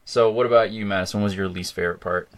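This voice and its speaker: A middle-aged man hosting a casual movie chat, excitable and rambling. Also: sits low, racing, a crowd in the background. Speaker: podcast host.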